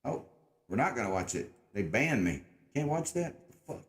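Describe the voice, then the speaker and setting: A man's voice: mid-range voice, very animated, normal speed. A young man hosting a casual livestream, rambling and sarcastic, cursing freely and putting on a joking mock-redneck drawl. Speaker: livestream host.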